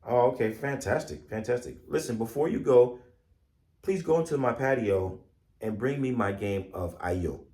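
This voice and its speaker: A man voicing a calm, wise old male deity of divination in a measured, wry tone, told in an echoey room. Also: mid-range voice, natural voice.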